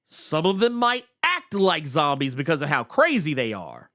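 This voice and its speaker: A man co-hosting a podcast, chatting casually about comics with animated stammering restarts. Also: fairly high pitch, moderate pace. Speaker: podcast co-host. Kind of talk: casual comic book chat.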